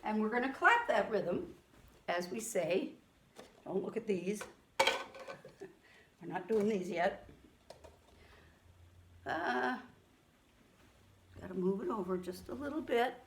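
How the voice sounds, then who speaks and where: A woman chants rhythm syllables for children during a music lesson delivered over a camera, her mid-range voice animated. The camera mic picks up a little hiss or hum in the room with a keyboard, and she counts slowly and patiently.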